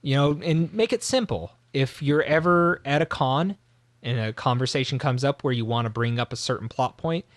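A man chatting as a podcast guest in a casual, animated way. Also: moderate pace, no echo. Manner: animated, swooping pitch when making a point. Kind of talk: casual chat.

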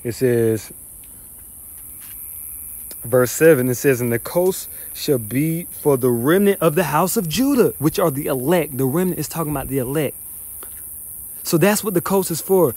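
A man's voice: on the high side, animated, normal speed, pauses often, darkish tone. Heated, profane man teaching scripture. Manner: profane, scornful, emphatic, reads verses then rants.

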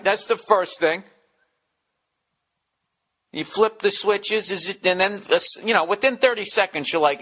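A man's voice: high voice, measured pace, long pauses, slight background noise. A man hosting a solo podcast, rambling and ranting with lots of swearing and acting out little scenes. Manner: profane, ranting, acts out bits in character voices; drops to a hushed near-whisper in acted scenes. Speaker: podcast host.

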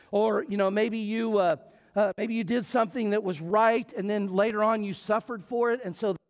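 A middle-aged pastor whose voice sits high delivers a sermon in a church sanctuary. He spins a folksy, playful story and then builds into repetitive preaching.

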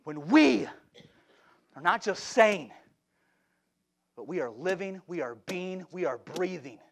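A man's voice: sits high, expressive, slow, gravelly. Man preaching a fervent revival sermon. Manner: swings from shouting to hushed, repeats phrases. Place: church sanctuary.

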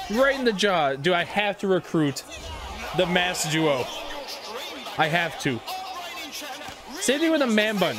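A man giving joking let's play commentary with excitable whoops and quick reactions, over game music. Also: sits high. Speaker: gaming YouTuber.

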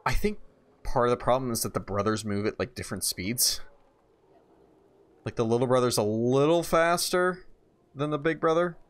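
A man casually commenting while playing a video game for the first time, reacting loudly to surprises and musing quietly in between, a bit tired. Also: medium pitch, moderate pace, pauses often. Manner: reactive, swings from calm musing to excited shouts. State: tired, yawning. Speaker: gaming YouTuber. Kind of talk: casual let's-play commentary.

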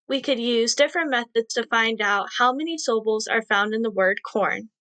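A young woman teaching young children a syllable game, speaking slowly and encouragingly with sing-song praise. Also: a little high, sharp tone, no echo. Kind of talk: read-aloud lesson for young children.

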